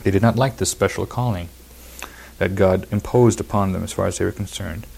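A man's voice: low voice, brisk, vocal fry, darkish tone, slightly rough. A man preaching a verse-by-verse sermon, reading scripture aloud and explaining it with emphatic repetition.

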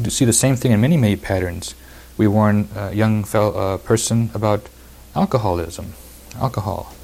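A man's voice: fairly low pitch, gravelly, a little mellow, a little hiss or hum. A man preaching a verse-by-verse sermon, reading scripture aloud and explaining it with emphatic repetition.

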